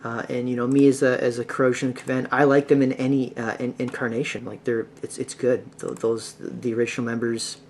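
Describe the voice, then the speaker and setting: A man talks loosely through a music podcast, stopping and restarting his sentences with frequent fillers. His voice sits at an ordinary middle pitch. A faint hiss stays under the recording. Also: flat delivery, brisk, hardly any pauses, darkish tone. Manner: rambling, many fillers and restarts. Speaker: podcast host. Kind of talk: casual solo podcast talk.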